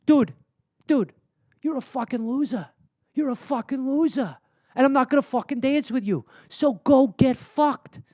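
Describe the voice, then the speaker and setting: A man's voice: high voice, very animated, moderate pace, dry recording, studio quality. A man playing a foul-mouthed, belligerent male tough guy, in a comedy bit. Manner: swearing, threatening, belligerent.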